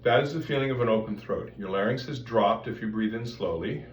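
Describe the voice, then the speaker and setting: A man's voice: lowish voice, fairly quick, echoey room, far from the mic, slight background noise. A man giving a casual voice lesson, explaining breath and throat with sung vowel demonstrations. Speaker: voice teacher. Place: room with music stands and metal ductwork.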